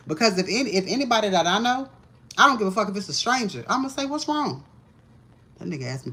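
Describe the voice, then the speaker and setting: A woman's voice: medium pitch, sing-song, fast talker, a bit bright, husky. Profane, ranting woman tarot reader. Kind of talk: live-streamed tarot reading. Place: home.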